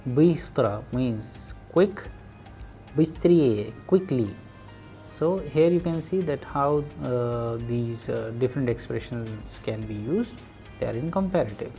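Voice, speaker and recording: A man teaching Russian in a recorded lecture, explaining and translating phrases one by one in a slow, hesitant way. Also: medium pitch, lively intonation, warm tone, faint music behind.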